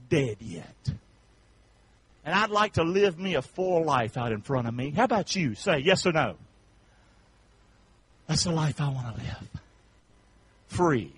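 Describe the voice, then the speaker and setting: A male pastor preaching a sermon in a folksy, colloquial way, leading the congregation in call-and-response and swinging from shouts to hushed tones. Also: sits high, low-quality recording.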